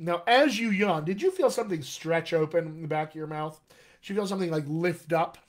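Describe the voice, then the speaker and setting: A man's voice: on the high side, brisk. A man teaching a live online lesson as a dialect coach, chatty and upbeat, with frequent check-ins to his viewers.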